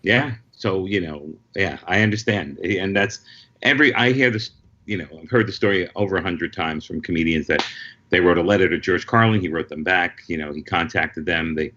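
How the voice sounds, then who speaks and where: Low-voiced man telling stories on a dull call. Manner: lively anecdotal storyteller, quick asides. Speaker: guest comedian. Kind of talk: casual storytelling chat.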